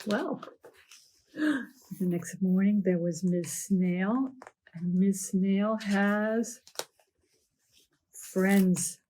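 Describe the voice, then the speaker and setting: Slow, animated woman reading to kids. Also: medium pitch, slight background noise. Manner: animated, with gasps and playful asides. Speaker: children's librarian. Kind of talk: storytime read-aloud.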